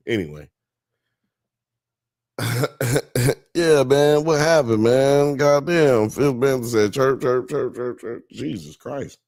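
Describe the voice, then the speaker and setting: A man's voice: medium pitch, measured pace, a little mellow, no room sound, studio quality. A man hosting a live-streamed talk show, chatting casually and profanely, joking with the audience and reading chat comments aloud.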